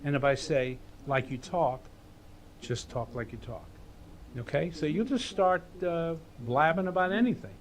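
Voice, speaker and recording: Man, writing teacher, animated, casual teaching, acts out voices, slightly high voice. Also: a little slow, a little hiss or hum.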